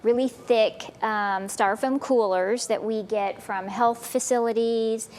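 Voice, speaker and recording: A woman's voice: on the high side, steady tone, measured pace, a little mellow, a little hiss or hum. Chatty woman from an animal shelter. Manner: chatty, upbeat, frequent ums and you-knows. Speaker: animal shelter representative, guest. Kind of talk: casual TV interview chat. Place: local TV news studio.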